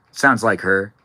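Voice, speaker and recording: A man's voice: on the low side, sharp tone, rough recording. A young man casually chatting on a live stream and reading viewer comments aloud.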